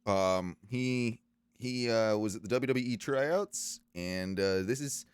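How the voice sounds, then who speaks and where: Guy in his 30s hosting a podcast, rambly and halting, keeps restarting, dry close mic sound. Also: fairly low pitch, clean tone, dry recording. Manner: loose, halting, lots of uh and restarts. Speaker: podcast host. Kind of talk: casual chat.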